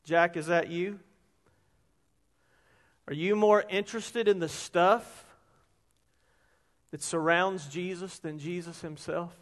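High-voiced pastor in a reverberant hall. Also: male voice, slow pace, long pauses. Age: 50s. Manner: animated preaching, builds to shouts on quotes. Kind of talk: sermon. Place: church sanctuary. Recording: long reverb of a large hall.

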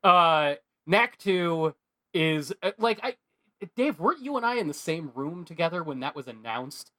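Rambling, animated man chatting casually. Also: on the high side, unhurried. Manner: rambling, animated, heavy use of filler words. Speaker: podcast co-host. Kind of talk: casual chat.

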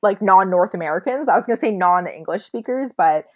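A woman's voice: mid-range voice, lively intonation, a little fast. A woman co-hosting a podcast, chatting casually about a movie with plenty of fillers and restarts. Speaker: podcast co-host.

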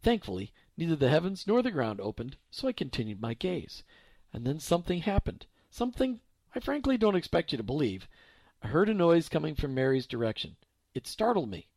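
A man narrates a story aloud in a reflective, expressive reading. His voice sits a little high and moves a lot in pitch. The recording is dry and close, with no room sound. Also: a little fast, no room sound.

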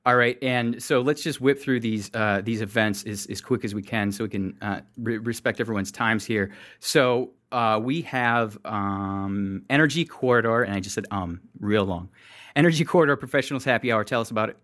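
A man's voice: mid-range voice, a little fast, a bit bright. A man co-hosting a casual podcast, self-mocking and laughing often as he reads out listener reviews and runs through upcoming events. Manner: laughs a lot while reading, self-mocking. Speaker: podcast co-host.

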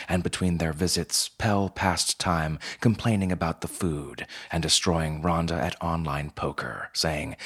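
Male narrator, deep and husky, measured unhurried read. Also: fairly bright tone. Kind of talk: scripted narration.

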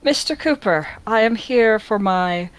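A woman voicing an ancient dwarf grandmother who speaks slowly and matter-of-factly, losing count of her many grandchildren. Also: mid-range voice, lively intonation, clean tone, pitched above the performer's own voice, lightly acted, rough recording. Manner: slow, matter-of-fact, loses count.

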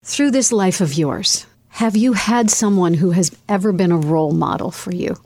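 A woman hosting an interview show, asking her guest gentle, prompting questions. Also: lowish voice, moderate pace, dry recording. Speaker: podcast host.

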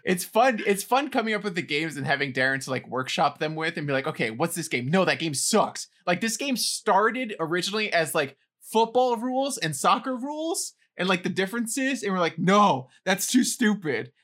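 A man's voice: high voice, lively intonation, a little fast, few pauses, fairly bright tone. Giggly man explaining a game. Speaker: podcast co-host running a game. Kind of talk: casual banter.

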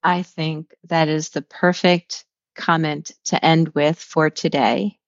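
A woman's voice: low-pitched, fairly even intonation, takes it slowly, no echo, dull audio. A woman hosting a podcast, talking in an enthusiastic, encouraging way as she wraps up an interview. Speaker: podcast host.

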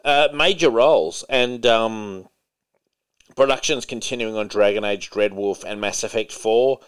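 A man's voice: lowish voice, measured pace, clean tone. A man hosting a casual podcast chat, who laughs a lot and reads out news items with casual swearing. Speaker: podcast host.

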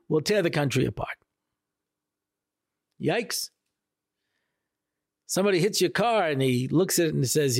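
A man's voice: a little slow, vocal fry, long pauses, no room sound, clean studio sound. A man, a rabbi, telling a weekly Torah talk in a casual, jokey storytelling way and acting out the quotes. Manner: animated, jokey, acts out quotes with big pitch jumps.

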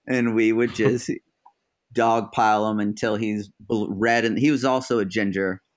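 A man's voice: lowish voice, steady tone, measured pace. A man, a former ballplayer, recalling old teammates in an easygoing, amused way. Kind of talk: casual storytelling chat.

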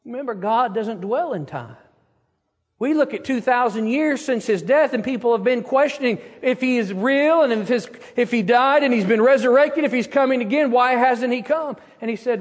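A man preaching a sermon, reading scripture aloud and stressing words slowly and emphatically. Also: extremely high pitch, in a large hall.

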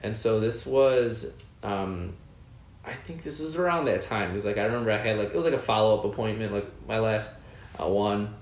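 A man's voice: on the low side, brisk. Rambling man in an echoey room. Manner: rambling, lots of fillers. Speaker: band member guest. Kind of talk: casual chat. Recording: roomy echo.

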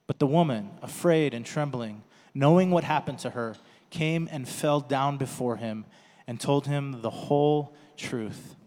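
Man reading scripture slow and deliberate, hall echo. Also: mid-range voice, darkish tone. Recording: echoey hall.

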